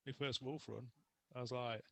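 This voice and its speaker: A man's voice: mid-range voice, steady tone, moderate pace, gravelly, dry recording, low-quality recording. A young adult man chatting as a podcast guest, telling casual stories and laughing often. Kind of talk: casual interview chat.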